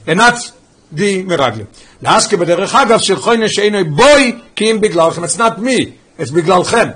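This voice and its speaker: A man teaches a study class at a rapid clip, rattling through passages of text and stopping to explain them. His voice sits high for a man and has a husky, slightly rough edge. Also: lively intonation, a bit bright. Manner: rapid reading of Hebrew text, explaining in English. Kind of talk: teaching a text study class, mixing English and Hebrew reading.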